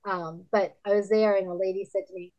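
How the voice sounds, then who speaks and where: A woman in her fifties, a podcast guest and author, telling candid stories in a lively way, laughing often and acting out other people's lines in a higher voice. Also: a little fast, rough recording. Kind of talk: candid conversational storytelling.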